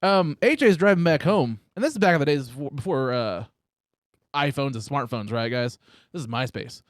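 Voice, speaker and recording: A man hosting a casual podcast, telling crude stories loudly and teasing his guest. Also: mid-range voice, animated, moderate pace, no echo, studio quality. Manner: loud, teasing, swears a lot. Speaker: podcast host. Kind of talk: casual chat, crude storytelling. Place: room at home.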